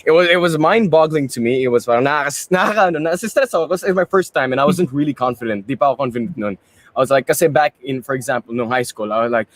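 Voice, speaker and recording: A man's voice: mid-range voice, quick pace. A young man and pageant candidate, answering interview questions in a chatty, rambling way and mixing in Tagalog phrases. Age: young adult.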